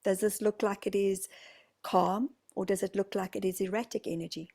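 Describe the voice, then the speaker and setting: A woman with a New Zealand accent leading a channeled group session, speaking slowly and formally as "we". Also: medium pitch, steady tone, gravelly. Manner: slow, soft, formal speech speaking as "we".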